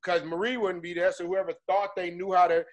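A man co-hosting a casual chat over a video call, telling stories in an animated, joking way. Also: high voice, a little fast.

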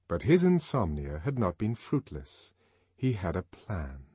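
A man narrating a novel in a measured, expressive audiobook reading. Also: low voice, breathy edge, no echo. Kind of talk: scripted narration.

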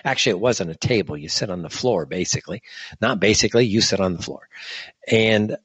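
A man's voice: on the low side, fairly quick, a bit bright, slightly rough, dry recording. An American man hosting a show, talking in a casual monologue that rambles with joking asides and self-corrections. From United States. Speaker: podcast host.

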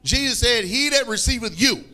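A man preaching a fiery sermon, repeating phrases, calling for responses and breaking into shouts. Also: extremely high pitch, lively intonation, normal speed, creaky.

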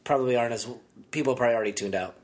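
A man's voice: mid-range voice, very fast, a little mellow. A man co-hosting a podcast, talking casually with a rambling, sarcastic manner and frequent restarts. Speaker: podcast co-host. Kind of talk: casual chat.

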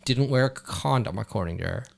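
A man hosts a loose, profane podcast chat, tossing out jokes and half-serious business ideas. His pitch sits in the middle but moves a lot. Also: expressive, fairly quick, gravelly. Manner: profane, joking, riffs on ideas. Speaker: podcast host.

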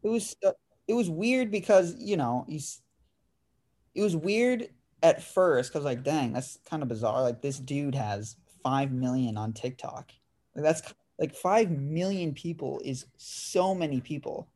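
A man's voice: a little high, a little slow, darkish tone. A man in his twenties, hosting a podcast, telling a story in casual chat with lots of "dude" and "like". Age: 20s. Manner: laid-back storyteller, says "dude" and "like" often. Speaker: podcast host.

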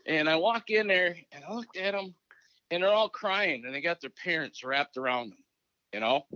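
A man's voice: fairly high pitch, moderate pace, no room sound. A former hockey coach from Minnesota, a man, telling stories in a casual interview and acting out remembered conversations. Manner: animated, acts out remembered conversations. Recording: dry, dull lo-fi recording.

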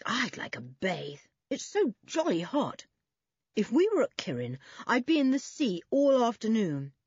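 A woman voicing a sensible older boy who leads the group in a firm, measured way. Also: on the high side, wildly swooping pitch, darkish tone, husky, dry recording, muffled recording, voice pushed up, full character voice.

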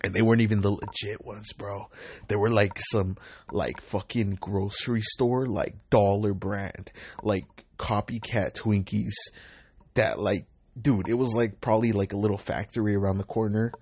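A man's voice: fairly low pitch, steady tone, normal speed, a little mellow, breathy edge, no echo. A man in his twenties talking in a loose, rambling monologue full of slang and swearing. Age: 20s.

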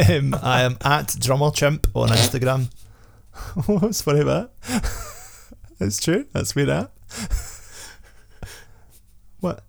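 A man's voice: medium pitch, slow pace, gravelly. A man with a Scottish accent co-hosting a casual podcast, joking, laughing easily and rambling. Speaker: podcast co-host.

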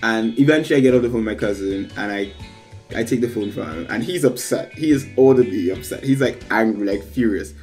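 Faint music plays behind a man with a lowish, slightly mellow voice who speaks briskly. He's casually rambling through a long personal anecdote, packed with fillers, and acts out what other people said in this storytelling chat.

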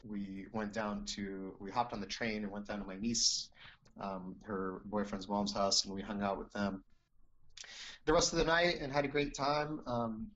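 A man's voice: lowish voice, fairly even intonation, normal speed, fairly bright tone, muffled recording, a little hiss or hum. A man telling a personal story as an interview guest, earnest and rambling, with many restarts and "you know"s.

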